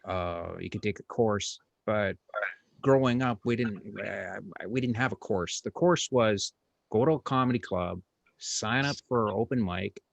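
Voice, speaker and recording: A man's voice: fairly low pitch, unhurried, gravelly, no echo. A middle-aged man, a comedian hosting an interview, telling a story in a casual, rambling way with lots of fillers, restarts and blunt, crude words.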